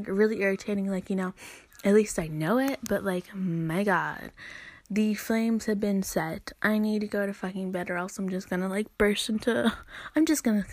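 A woman's voice: medium pitch, no room sound. A young woman podcaster ranting in a rambling, profane monologue, venting about her frustrations. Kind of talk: solo podcast rant.

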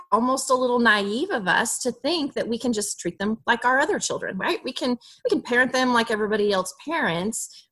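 Bright-voiced woman giving parenting advice. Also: medium pitch. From Alabama, USA. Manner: expressive, acts out parent dialogue in a soft voice. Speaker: guest therapist. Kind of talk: podcast interview, advice.

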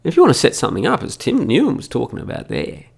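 A man's voice: on the high side, wildly swooping pitch, quick pace, vocal fry, a little mellow, husky. A middle-aged Australian man hosting a solo podcast, ranting profanely in a mocking, emphatic way into a studio microphone. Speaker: podcast host.

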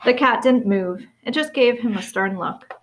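A woman reading a novel aloud in steady storytelling, with small slips and restarts. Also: a little high, normal speed, a little hiss or hum. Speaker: reader.

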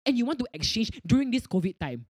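A young man with a Singaporean English accent, hosting a podcast and telling a work story in a profane, animated way, acting out the people in it. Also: extremely high pitch, fast talker, breathy edge, dry recording, studio quality. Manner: animated, profane, acts out callers in quoted voices. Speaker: podcast host. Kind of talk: casual storytelling chat.

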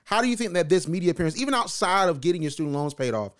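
A man's voice: high-pitched, very animated, racing, a bit bright. A man hosting an interview in a casual, slangy, playful way, joking with his guest. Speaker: interviewer host.

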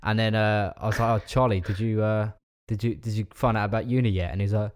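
A man's voice: fairly low pitch, fairly even intonation, fast. Young man telling a teasing story. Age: young adult. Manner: teasing, laughs while telling stories. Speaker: podcast co-host. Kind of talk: casual banter, storytelling.

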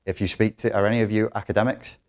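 A man giving a live talk in a lecture room, animated, acting out quotes in other voices. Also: fairly low pitch, quick pace. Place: lecture room in an academic institution.

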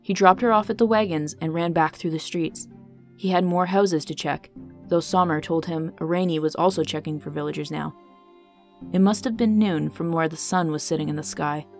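A woman reading a fantasy story aloud as the narrator, in a steady, measured way. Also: sits low, faint music behind.

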